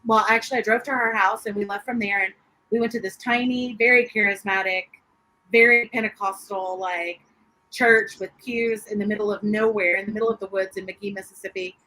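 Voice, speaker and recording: A woman, a guest sharing her faith testimony in an interview, animated and quick to laugh as she acts out what people said. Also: mid-range voice, low-quality recording. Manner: animated storyteller, laughs often, acts out quotes.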